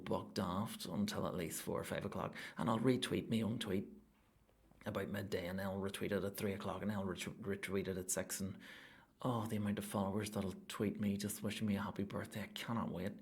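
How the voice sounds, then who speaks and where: Ranting, swearing Northern Irish comedian. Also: male voice, lowish voice, breathy edge. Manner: profane, ranting, with sudden loud outbursts. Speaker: stand-up comedian and podcast host. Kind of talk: rambling comic monologue.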